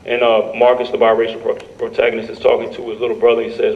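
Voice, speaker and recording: A man on a panel presenting his comic strips, relaxed, with chuckling asides. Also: mid-range voice, fast talker, hardly any pauses. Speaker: cartoonist panelist. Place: lecture room panel. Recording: distant mic, dull sound, faint hum.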